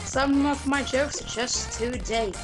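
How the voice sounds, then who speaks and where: A young woman hosting a podcast, talking fast in crude, joking casual chat. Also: high-pitched. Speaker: podcast host. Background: music.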